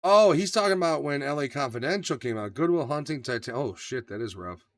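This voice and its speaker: A man co-hosting a casual podcast chat, profane and animated, acting out quotes in his stories. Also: medium pitch, brisk, dry recording. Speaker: podcast co-host.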